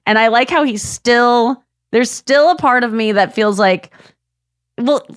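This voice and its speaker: Animated woman hosting a chat, high voice. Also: measured pace, smooth, no room sound, clean studio sound. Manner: animated, acts out quotes in exaggerated voices; frequent restarts and laughter while talking. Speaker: podcast host. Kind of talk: casual chat.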